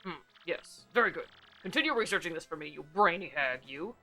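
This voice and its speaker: A woman voicing a grumpy, bossy male monster king while reading game dialogue aloud, dropping her voice low and gruff. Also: animated, brisk, sharp tone, faint music behind, heavily acted.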